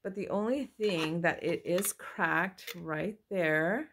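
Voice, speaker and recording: A woman chatting excitedly at home in a casual haul vlog, often apologizing as she shows things to a handheld camera. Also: on the low side, takes it slowly, background noise. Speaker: mother showing a thrift haul. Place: at home, indoors. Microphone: handheld phone or camera she moves around.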